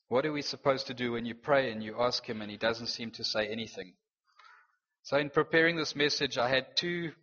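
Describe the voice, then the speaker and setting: A man's voice: medium pitch, sharp tone. Earnest male pastor preaching in a reverberant hall. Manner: earnest, dramatic scripture reading with rising intensity. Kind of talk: sermon. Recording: dull lo-fi audio in a reverberant hall.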